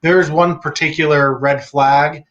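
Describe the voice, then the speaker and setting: A man's voice: a little high, steady tone, unhurried, a bit bright, muffled recording. A man with a Western Pennsylvania accent hosting a casual talk, chatty and jokey, stumbling over his words. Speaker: podcast host. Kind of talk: casual conversation.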